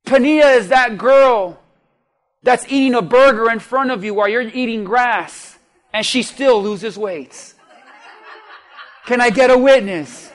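A pastor preaches a sermon in a very high voice, lingering over each phrase at a slow, deliberate pace. He's lively and humorous, frequently calling out to the congregation.

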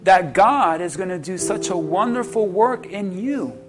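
A man preaching a sermon as pastor, calling out to the congregation and bringing them to a quiet prayer. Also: high-pitched, expressive, a little slow. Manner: preaching with call-and-response, from shouted peaks to a hushed altar call. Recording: music playing under the voice.

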